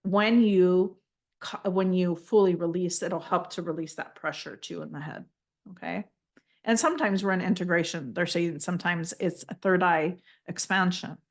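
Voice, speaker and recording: Gentle woman energy healer, lowish voice. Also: fairly even intonation, moderate pace. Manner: gentle, reassuring, often checks in with "okay?"; calls listener "honey". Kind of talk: guided healing session.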